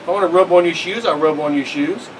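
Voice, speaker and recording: A man's voice: fairly high pitch, fast, far from the mic, a little hiss or hum, lightly acted, rough recording. A man voicing a defiant, willful female house cat who does as she pleases, in a bossy, unapologetic tone.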